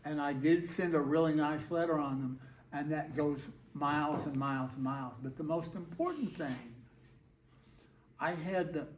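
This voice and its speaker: A man's voice: on the high side, slight background noise. An older man with a Texan accent, telling a folksy story to a live audience in a laid-back, whimsical way. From Texas. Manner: laid-back, folksy, acts out quoted dialogue. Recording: roomy hall echo.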